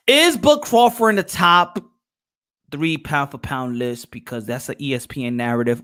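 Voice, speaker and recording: A man's voice: mid-range voice, a bit bright. A man hosting a casual boxing livestream, reading out chat and posing rhetorical questions, often repeating himself. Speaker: boxing show host.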